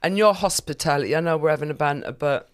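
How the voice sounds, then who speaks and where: A woman's voice: deep voice, quick pace, clean tone. A woman comedian chatting as a podcast guest, with frequent restarts. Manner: warm, chatty, restarts often. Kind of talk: casual podcast chat.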